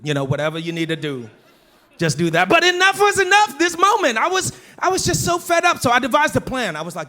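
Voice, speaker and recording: Bright-voiced animated man preaching a sermon. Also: extremely high pitch, brisk. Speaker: pastor.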